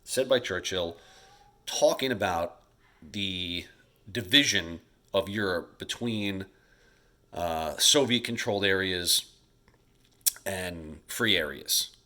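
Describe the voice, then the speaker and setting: A male teacher giving a casual recorded history lecture over slides, chatty and loose, talking straight to his students and acting out leaders in quick bits. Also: low-pitched, bright, forceful tone. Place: home, recording alone during school shutdown.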